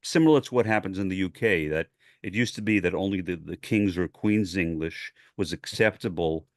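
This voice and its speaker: An older man from New York City, a former radio newscaster with General American speech, chatting in a measured way with pauses. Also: low-pitched, no echo, clean studio sound. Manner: measured, trained broadcast delivery with many pauses. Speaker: guest. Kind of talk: casual chat.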